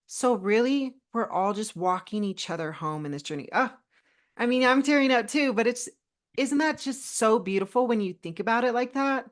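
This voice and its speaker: A middle-aged woman co-hosting a podcast, telling personal stories in a heartfelt, animated way with many restarts. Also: on the high side, normal speed. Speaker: podcast co-host. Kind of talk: casual podcast chat.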